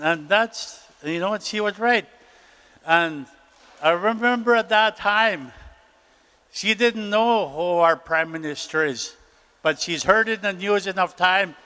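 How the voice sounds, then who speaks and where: A man's voice: on the high side, bright, forceful tone, clean tone. An older man, a councillor, giving an encouraging speech at a conference and telling stories in a folksy way. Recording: reverberant hall.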